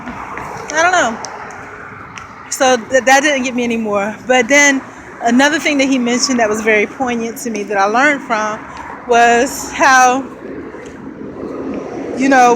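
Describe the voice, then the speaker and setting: A woman vlogging while walking outdoors, out of breath, rambling and thinking aloud with frequent small laughs. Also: on the high side. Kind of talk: casual walking vlog. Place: outdoors on a city street with traffic. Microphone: handheld camera while walking. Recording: street noise and passing traffic. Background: traffic and street ambience.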